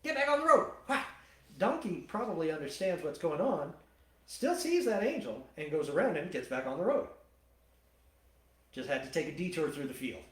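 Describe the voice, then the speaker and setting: A male pastor teaching from the Bible and telling the story in an animated, colloquial way. His voice sits a touch high for a man. The sound is roomy, with church hall echo. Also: normal speed.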